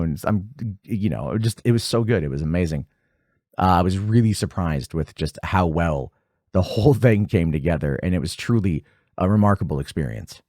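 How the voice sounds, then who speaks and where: A man in his forties hosting a casual film commentary, animated and jumping high in pitch when excited. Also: brisk, no room sound, studio quality. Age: 40s. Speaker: podcast host.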